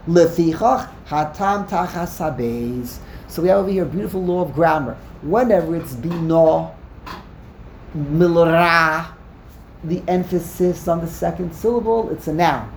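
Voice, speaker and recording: A man's voice: high voice, a little mellow, reverberant, slight background noise. A man teaching a text-study class, explaining emphatically, often repeating words and restarting sentences. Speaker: Torah teacher.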